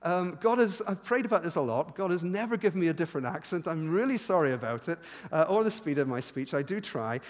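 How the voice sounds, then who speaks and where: A man preaching a sermon as a pastor, animated and self-deprecating, often restarting his sentences, with a noticeable regional accent. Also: on the high side, fast talker. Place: church. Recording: long reverb in a church hall.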